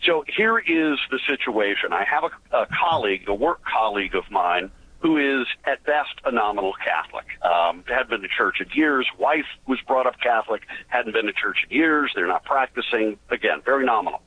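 A man's voice: mid-range voice, lively intonation, normal speed, bright, forceful tone. A man calling in to a radio show, telling his story in an earnest, chatty way. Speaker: caller. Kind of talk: call-in radio question. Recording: tinny phone line, faint hiss.

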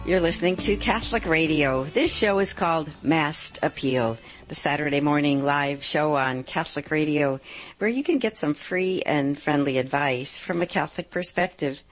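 Upbeat low-voiced woman radio host. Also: soft background music. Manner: upbeat, emphatic, slows for key points. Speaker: radio advice show host. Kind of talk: live call-in radio talk.

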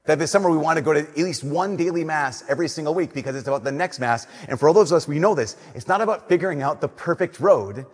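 Husky-voiced man preaching in a church. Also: fairly high pitch, fast talker, few pauses. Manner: lively storytelling, acting out remembered dialogue. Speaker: Catholic preacher. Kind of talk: sermon. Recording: long church reverb.

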